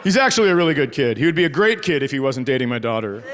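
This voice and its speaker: A man's voice: medium pitch, sing-song, rapid-fire, background noise. A middle-aged man from the Midwest doing a sardonic, profane stand-up set, acting out the people in his stories. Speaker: stand-up comedian. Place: theater stage before a live audience. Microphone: stage microphone. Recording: live crowd laughing throughout. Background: audience laughter.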